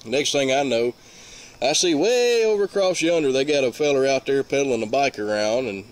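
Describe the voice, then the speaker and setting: A man's voice: mid-range voice, lively intonation, fairly quick. A man with a Mississippi Southern accent telling a long story in a rambling, folksy way with lots of fillers. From Mississippi, USA. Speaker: vlogger. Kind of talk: casual storytelling.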